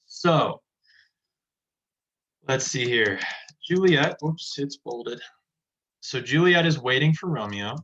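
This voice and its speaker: Guy teaching a lesson, chatty, bright forceful voice, kinda dull lo-fi sound. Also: medium pitch, animated, takes it slowly, pauses often. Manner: chatty, retells scenes in everyday words. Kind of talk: casual classroom explanation.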